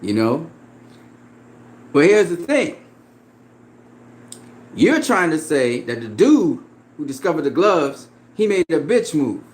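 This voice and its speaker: A man's voice: a little high, sing-song, slow, pauses often. A man in a profane, confrontational casual rant about boxing, laughing often as he talks back at a critic. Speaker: boxing commentator.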